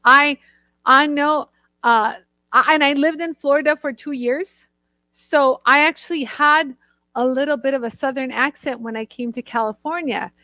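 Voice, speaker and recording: Hosting a live stream about jewelry tools, a bubbly woman from the northern United States gushes and chats casually with viewers, laughing often. Her high voice is bright and forceful at a moderate pace, recorded dry and close with no room sound.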